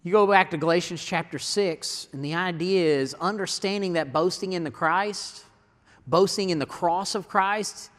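A man's voice: high voice, a bit bright, big-room sound. A man preaching a sermon, mixing rhetorical questions with scripture reading in a folksy way. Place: church sanctuary.

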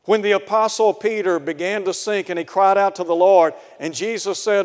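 A man's voice: high-pitched, fairly even intonation, a little fast, few pauses, clear, resonant tone. A man preaching a sermon in an earnest way, asking his listeners rhetorical questions. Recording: long hall reverb.

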